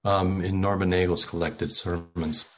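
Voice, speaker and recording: A man's voice: low-pitched, level tone, unhurried. An older man, a pastor, preaching a sermon in a conversational, self-deprecating way with frequent fillers.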